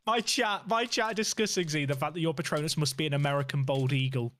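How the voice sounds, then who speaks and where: A man's voice: a little high, quick pace, a bit bright. A man chatting on a game stream, asking bemused questions. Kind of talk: casual chat over a game stream.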